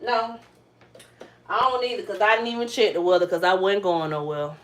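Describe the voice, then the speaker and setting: A woman's voice: medium pitch, a little fast. A woman with a Southern Georgia accent, chatting casually with live viewers as a vlogger and mother at home. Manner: chatty, relaxed, drawling Southern speech. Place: kitchen at home. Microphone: phone on a tripod. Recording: echoey kitchen, faint noise.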